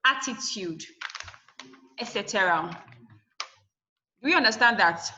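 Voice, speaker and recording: Bright-voiced teacher drilling word stress. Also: female voice, medium pitch, lively intonation, slow pace, slight background noise. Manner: spells out letters and repeats words for drilling. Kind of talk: classroom English lesson. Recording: dull lo-fi classroom recording.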